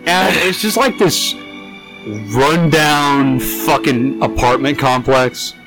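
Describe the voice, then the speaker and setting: A man's voice: slow, music in the background. A man co-hosting a casual podcast, telling a story, swearing often and acting out what others said. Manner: animated, swears a lot, acts out quotes in high voices. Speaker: podcast co-host.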